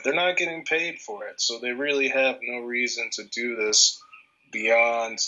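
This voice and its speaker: A man's voice: medium pitch, fairly even intonation, unhurried, sharp tone. A man co-hosting a podcast in casual chat, rambling and hesitant as he searches for words. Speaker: podcast co-host. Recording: dull, muffled lo-fi sound.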